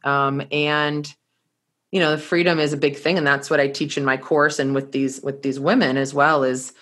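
A woman telling a personal story to an audience in an animated way, laughing now and then and often restarting her sentences. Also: low voice, moderate pace. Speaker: course teacher.

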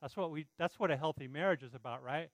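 Male pastor, earnest conversational sermon delivery, fairly high voice, dry recording. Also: fast, no room sound, poor audio. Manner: earnest, pleading, conversational preaching with frequent "right?" asides.

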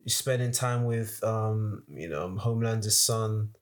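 A man's voice: lowish voice, a little slow, slight background noise. Rambling young man in podcast chat. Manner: rambling, restarts, animated when riled up.

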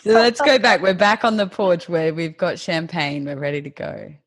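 A woman hosting a casual interview, reacting with quick remarks and laughter. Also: lowish voice, husky. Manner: warm reactions, laughs along, short interjections. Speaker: podcast host.

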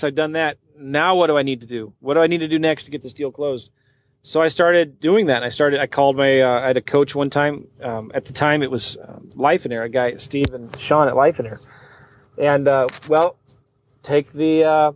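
A man who works as a real estate wholesaler and podcast host, telling a story in a casual, animated way and acting out what other people said. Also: on the high side, normal speed, slight background noise. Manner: animated, acts out other people's lines in quoted voices.

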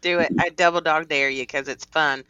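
A woman's voice: sits low, fairly even intonation, normal speed, bright, forceful tone, smooth, no echo, muffled recording. A woman with a regional accent, a nurse practitioner, chatting casually with a teasing, playful manner. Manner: teasing, playful, laughs often. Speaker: nurse practitioner, podcast co-host. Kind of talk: casual chat.

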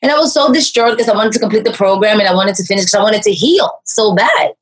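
Husky lady life coach telling her story, lots of "you know" and restarts, gets animated. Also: fast, low-quality recording. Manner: animated storyteller, raises pitch to act out quoted speech; frequent fillers and restarts. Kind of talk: personal story in an interview.

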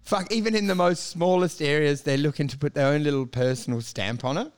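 A man's voice: fairly high pitch, fairly quick, clear, resonant tone. A man, a comedian chatting casually and swearing freely, often lurching into mocking voices. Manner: sweary, animated, slips into mocking put-on voices. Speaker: comedian, podcast co-host. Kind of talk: casual banter.

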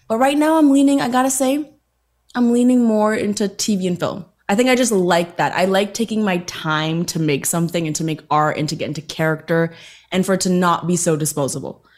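Chatty woman telling stories. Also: medium pitch. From Toronto, Canada. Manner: chatty, animated storytelling with voiced quotes and self-mocking humor. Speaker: podcast guest, entertainer. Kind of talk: casual interview chat.

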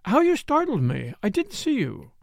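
A man voicing a lively young woman with a playful, mocking way of talking. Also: very high-pitched, normal speed, vocal fry, dry recording, voice pushed up, full character voice. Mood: teasing.

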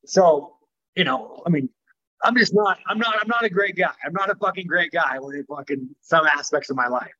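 A man's voice: on the high side, expressive, moderate pace, pushed and bright, dull audio. A man speaking as a professional fighter in a casual interview, blunt and profane, rambling with many fillers.

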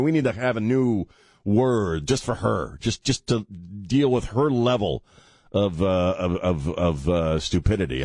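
A man's voice: mid-range voice, a little mellow, no echo. Sarcastic male radio host, mocking delivery, very dry studio mic. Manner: mocking, sarcastic, laughs at his own jokes. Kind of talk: sarcastic political commentary.

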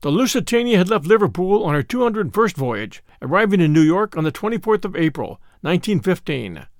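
High, animated male storyteller. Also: a little fast, no room sound, clean studio sound. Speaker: narrator. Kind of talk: second-person historical audio story.

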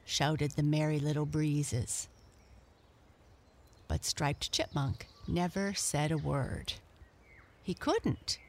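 A woman storyteller reading a children's story aloud in a gentle, expressive way. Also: on the low side.

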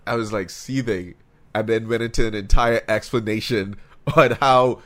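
A man's voice: on the low side, normal speed, a bit bright. A man from the Bahamas, co-hosting a casual chat, blunt and profane in argument.

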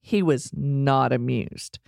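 A middle-aged woman telling a personal story in a casual, animated way, acting out quotes and laughing along. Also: extremely low pitch, takes it slowly, gravelly, dry recording, studio quality.

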